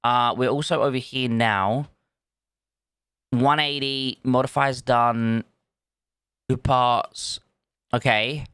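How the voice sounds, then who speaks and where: A man's voice: mid-range voice, fairly even intonation, slow, long pauses, a bit bright, clear, resonant tone, no echo, studio quality. A man, chatting casually on a live stream, thinking aloud and greeting viewers from chat. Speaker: livestreamer.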